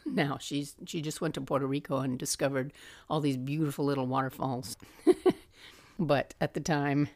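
A middle-aged woman with a fairly low voice hosts her own podcast and tells family stories. She chats along easily, laughs often and slips into the voices of the people she quotes. The recording is close and dry, with no room sound. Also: dry recording. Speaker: podcast host. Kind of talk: personal storytelling.

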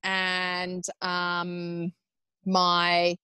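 An Australian woman in her thirties telling her own birth story in casual, animated talk, acting out what people said and swearing freely. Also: lowish voice, drawn-out words, smooth, no echo. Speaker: podcast guest.

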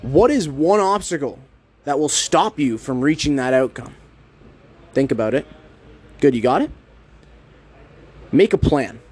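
A man's voice: on the high side, slightly rough. A young man talking casually and energetically to his listeners, addressing them directly. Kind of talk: casual monologue.

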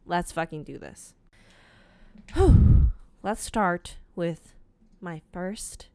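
A young woman talks slowly in a casual, confessional podcast monologue. She is frank and profane and laughs often. Her voice sits a little low and is recorded close on a dry mic. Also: clear, resonant tone, no room sound. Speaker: podcast host.

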